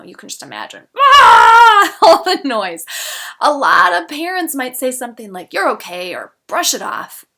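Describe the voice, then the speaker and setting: A bright, clear-toned middle-aged woman explains parenting skills in a gentle instructional talk. She keeps the pitch in an ordinary middle range. She often slips into soft spoken examples of what a parent could say. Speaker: parenting educator.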